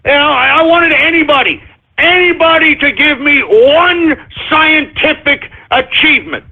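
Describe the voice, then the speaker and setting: A man's voice: very high-pitched, unhurried. A man hosting a talk radio show, ranting in a combative, sarcastic and repetitive way. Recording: tinny phone-like lo-fi audio.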